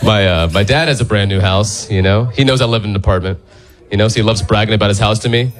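A man's voice: lowish voice, fast talker, crowd noise. A man performing stand-up, telling stories animatedly and slipping into voices. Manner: animated storytelling with put-on voices. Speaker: stand-up comedian. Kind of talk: stand-up set. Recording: live comedy recording, audience laughter. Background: audience laughter.

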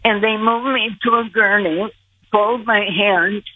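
An older woman guest telling a personal story slowly and earnestly over the phone. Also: medium pitch, fairly even intonation, dry recording. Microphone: telephone. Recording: tinny phone line.

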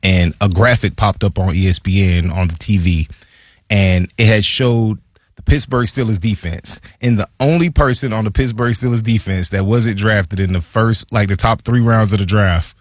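A husky man chats about football as a co-host. His voice sits low and a little hoarse, and the sound is dry and close. He tells his stories with animated energy. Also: normal speed, no echo. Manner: animated storyteller, acts out quotes in a higher voice. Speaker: former player, co-host. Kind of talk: casual sports chat, storytelling.

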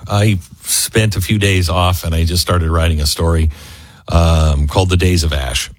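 Low husky man reading host ads. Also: no room sound. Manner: conversational, halting with fillers. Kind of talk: host-read promo and ad.

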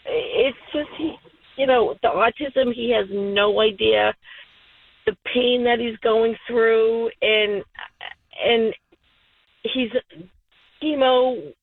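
A woman calling in to a radio show, choked up and tearful, speaking in halting, emotional bursts over the telephone. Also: a little high, fairly even intonation, gravelly, no room sound. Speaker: caller. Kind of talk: call-in radio caller. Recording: phone line.

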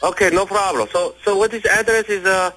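Prank-call bit: a man playing a high-voiced restaurant owner, broken English, touchy and fast. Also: fairly even intonation, slightly rough, heavily acted, poor audio. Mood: confused, offended. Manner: broken English, quick to take offense, shouts back. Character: flustered male Korean restaurant owner, easily offended.

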